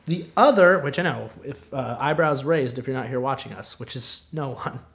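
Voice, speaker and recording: A man's voice: mid-range voice, moderate pace, gravelly, a bit bright. A man co-hosting a casual chat podcast, rambling off on tangents with lots of ums and restarts. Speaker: podcast co-host.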